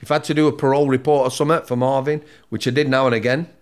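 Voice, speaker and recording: A man's voice: mid-range voice, flat delivery, racing, clean tone. A man, a former prison officer, talking insistently and repeating himself to take the floor. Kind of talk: podcast conversation.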